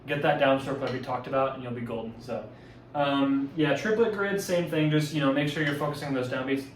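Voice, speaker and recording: A man's voice: mid-range voice, fairly quick, slight background noise. A man giving a casual walkthrough of drumline audition exercises, talking loosely with fillers and self-corrections. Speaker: drumline instructor. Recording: echoey room, mic at a distance.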